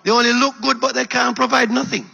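A male preacher delivering an animated sermon that swings between loud shouts and low murmurs, calling out to his congregation. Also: fast talker, vocal fry, lo-fi sound. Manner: calls out to the congregation.

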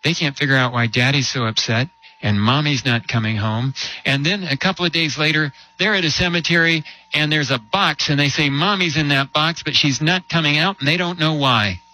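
A man preaching a sermon, telling a story with rhetorical questions and slowing down to stress key words. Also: fairly high pitch, bright, forceful tone, poor audio. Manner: storytelling with rhetorical questions and slow emphatic drops.

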